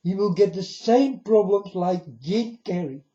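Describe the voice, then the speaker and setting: High-voiced man, slow solemn warnings. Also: dark tone. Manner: solemn, warning tone, repeatedly addresses "folks". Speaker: video blogger. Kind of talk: monologue to camera. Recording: dull lo-fi recording.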